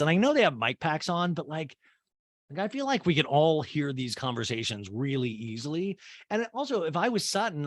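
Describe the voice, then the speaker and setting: A male podcast host talks through a reality TV recap in a loose, rambling way, with cursing and jokes tossed in. His pitch swings widely as he talks, and the close mic keeps the sound dry and free of room echo. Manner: animated, rambling, swearing and laughing.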